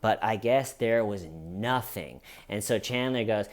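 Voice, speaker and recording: A man's voice: lowish voice, expressive, measured pace. Sarcastic man giving true crime commentary. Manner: sarcastic, mocking asides. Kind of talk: casual commentary.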